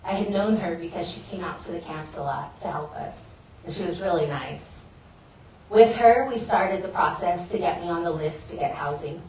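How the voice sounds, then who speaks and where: Speaking as a guest at a college event, a woman shares an earnest, heartfelt personal testimony in a large building. Her voice is lowish and a little dark, at a normal speed, with slight background noise. It was captured from a distance in an echoey hall.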